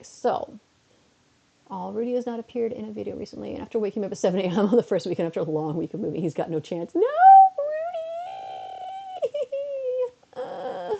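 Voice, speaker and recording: A woman's voice: medium pitch, vocal fry, warm tone, muffled recording. A young woman live-streaming and chatting to her viewers, tired, rambling and laughing at herself. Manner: rambling, self-mocking, easily amused.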